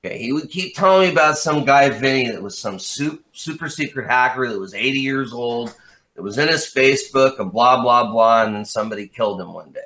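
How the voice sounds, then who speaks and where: A man chatting as an interview guest, with a bright, forceful voice at an ordinary pitch. He tells his story with animated energy and swears freely along the way. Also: fairly quick. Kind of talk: casual chat.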